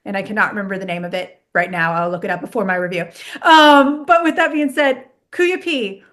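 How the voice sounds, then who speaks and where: A woman's voice: medium pitch, fairly quick, fairly bright tone. A woman hosting a movie review podcast in a casual, rambling chat with lots of fillers and self-corrections. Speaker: podcast host.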